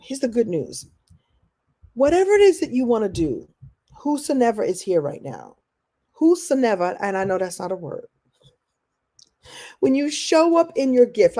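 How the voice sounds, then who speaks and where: A chatty woman coach speaks to her viewers in a live online class. Her voice is mellow and warm, and she is animated and breaks into little laughs. She keeps it conversational, answering questions as they come in. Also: fairly high pitch, normal speed. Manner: laughs often while talking.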